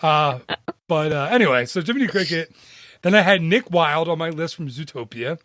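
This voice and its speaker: Man, podcast host, casual chat, lively swinging pitch, laughs a lot, dry studio mic. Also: normal speed, no room sound. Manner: animated, laughs often. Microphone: studio podcast microphone.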